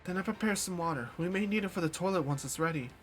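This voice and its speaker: A man's voice: high voice, animated, quick pace, a bit bright, faint music behind, voice pushed up. A man voicing a cheerful young woman in a game, reading her lines in a chirpy, raised voice.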